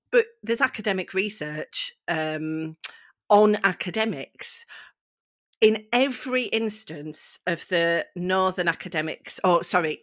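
A woman's voice: fairly low pitch, fairly bright tone, no echo, clean studio sound. A woman from Bradford with a Bradford accent tinged with Northeast vowels, a stand-up poet speaking thoughtfully and emphatically in a podcast discussion. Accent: Bradford with Northeast English vowels. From Bradford, England.

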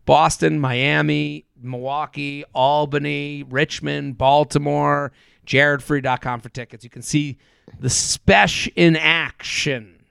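Man, slightly high, gravelly, rambling podcast chatter, dry close mic. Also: fairly even intonation, takes it slowly, a bit bright, no room sound. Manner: rambling, lots of fillers and restarts. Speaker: comedian and podcast guest. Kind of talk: casual podcast chat.

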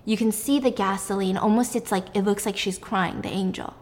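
A young woman casually recapping a film's plot in animated detail, swearing freely as she goes. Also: mid-range voice, fairly quick, big-room sound.

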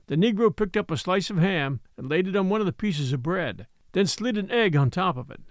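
A man narrating a literary short story in a measured, storytelling manner. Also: high-pitched, animated, dry recording, clean studio sound.

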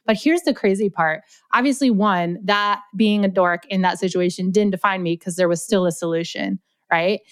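A young adult woman as a podcast guest, chatting and telling stories in a lively way, with lots of "like" fillers. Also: mid-range voice, moderate pace, clean tone, no room sound. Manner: chatty, animated, heavy use of "like". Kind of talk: casual storytelling interview.

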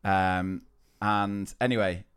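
A man in his thirties co-hosts a casual podcast, telling stories in a chatty way. His voice sits a little low and sounds smooth and clear. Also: steady tone, slow pace, fairly bright tone. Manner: storytelling, chatty, laughs often. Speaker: podcast co-host. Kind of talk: casual chat.

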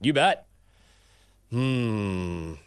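A male host on a sports betting podcast whose pitch swoops widely as he teases and jokes. The recording is close and dry, with no room sound. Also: extremely slow, smooth, no echo. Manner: animated, teasing.

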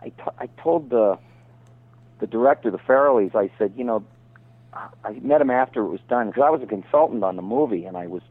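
A middle-aged man, a voice actor guest, telling rambling showbiz stories over the phone and slipping into quick impressions. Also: lowish voice, expressive, no echo. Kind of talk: casual phone interview. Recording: tinny phone line.

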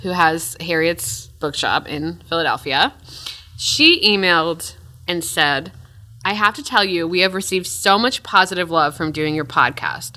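A woman co-hosting a podcast in easygoing, enthusiastic chat. Her voice is somewhat low but forceful and bright. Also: unhurried. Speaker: podcast co-host.

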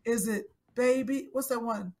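A teasing woman co-host with a slightly high voice, laughing easily through a casual chat. She speaks plainly, with no put-on voice. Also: a little slow, a little mellow.

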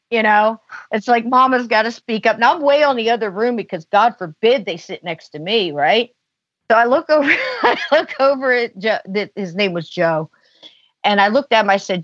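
A woman's voice: a little high, animated, normal speed, fairly bright tone, no room sound. A woman guest on a podcast, telling a long story in a chatty way and saying "you know" a lot. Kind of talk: casual storytelling. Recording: dull lo-fi dry sound.

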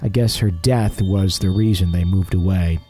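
A man's voice: low-pitched, normal speed, warm tone, soft background music. A middle-aged man hosting a paranormal podcast, chatting casually and reading listener letters with self-deprecating humor. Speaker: podcast host.

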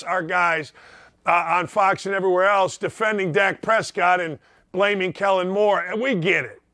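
A man's voice: high voice, pushed and bright, no room sound, clean studio sound. An older man hosting a sports talk show, ranting emphatically in an opinionated monologue.

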